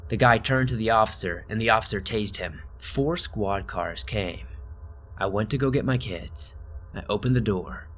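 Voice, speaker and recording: A man narrating a scary story in a steady, measured way. His voice sits a little low. A faint hiss of noise runs under the recording. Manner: calm, steady first-person storytelling. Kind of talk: scripted horror story narration.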